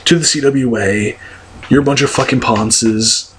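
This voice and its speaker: A man's voice: mid-range voice, unhurried, slight background noise. A young man ranting casually to his viewers, blunt and profane, rambling with many fillers. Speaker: vlogger. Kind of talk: casual rant to camera.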